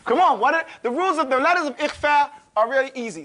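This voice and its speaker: Casting note: man, classroom tajweed teacher, high and bright, casual joking drill-master. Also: expressive. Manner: drills students, models recitation slowly, casual and joking. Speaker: Quran recitation teacher.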